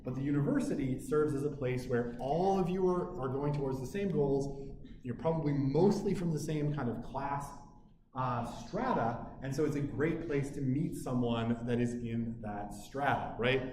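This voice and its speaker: A man's voice: medium pitch, normal speed, a little mellow, slight background noise. A male university lecturer giving a casual classroom lecture, talking conversationally and often tagging his points with "right?" and "you know". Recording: echoey room with faint ambience.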